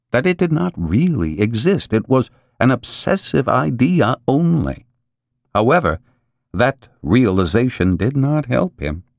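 A male audiobook narrator reads a novel in a measured way, pausing for drama. His pitch rises and falls a lot. He is recorded close and dry, with no room sound. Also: dry recording. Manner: measured, expressive reading with dramatic pauses. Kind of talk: scripted narration.

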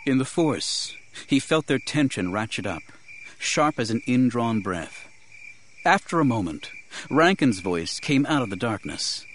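A man narrating a story as an audiobook reader in an even, measured storytelling manner. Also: medium pitch, a little hiss or hum. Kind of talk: scripted narration.

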